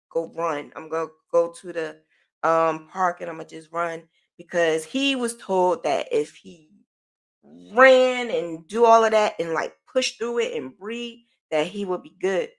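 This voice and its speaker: With a fairly low pitch and a fairly bright tone, a middle-aged woman hosting a podcast recounts something personal. Her telling is casual and rambling, loaded with "like" and "um," and she keeps repeating herself.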